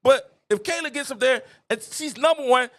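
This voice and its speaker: A middle-aged man hosting a live stream, ranting casually to his viewers in an animated, preachy way and repeating phrases for emphasis. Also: very high-pitched, moderate pace. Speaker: live-stream show host. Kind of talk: casual opinion rant to viewers.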